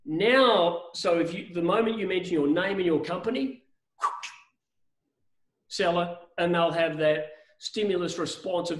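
A man teaching a business seminar with energy, his voice pitched quite high for a man. He keeps acting out bits of phone calls and restarting his sentences, and the room around him rings with echo. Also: normal speed. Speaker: business coach. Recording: echoey room.

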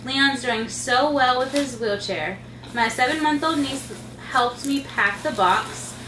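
A woman's voice: high voice, slow pace, noisy background. A woman, a mother and channel host, chatting through a casual unboxing and talking sing-song baby talk to her little kids. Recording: echoey room, mic far off, faint ambience.

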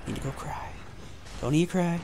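Male gaming host, high voice, profane running commentary. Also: brisk, vocal fry, a little mellow, slight background noise. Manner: frustrated, profane trash talk. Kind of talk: gameplay commentary.

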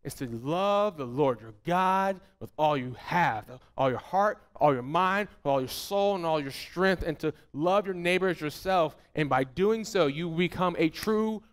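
A man preaching a fervent, emphatic sermon as a pastor, repeating phrases and dropping soft and low at the end of his points. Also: expressive, a little slow, hardly any pauses.

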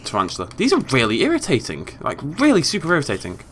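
A British man commentating his gameplay, swinging from exasperated yelling to low muttering. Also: wildly swooping pitch, quick pace, slight background noise. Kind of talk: let's play commentary.

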